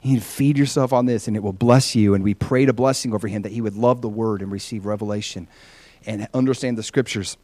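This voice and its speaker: Middle-aged male preacher, lively storyteller, dry close sound, acts out quoted people. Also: fairly low pitch, fast, dry recording. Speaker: pastor. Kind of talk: sermon with personal stories.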